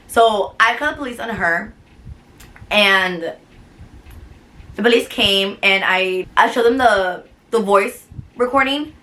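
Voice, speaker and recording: Chatty bright young woman vlogger. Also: medium pitch. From United States. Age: 20s. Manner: animated, chatty, filler-heavy storytelling. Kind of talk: casual storytime vlog.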